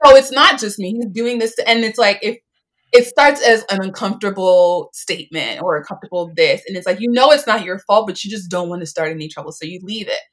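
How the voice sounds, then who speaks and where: A woman's voice: mid-range voice, fairly quick. A woman in her twenties telling a personal story in casual chat, full of fillers and acted-out quotes. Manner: chatty, lots of "like", acts out quotes.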